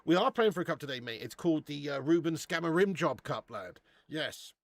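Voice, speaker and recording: A man's voice: fairly high pitch, animated, brisk, gravelly, dry recording. A man hosting a live football watch-along, reading out viewer messages and bantering with plenty of swearing and laughter. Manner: reads out viewer super chats.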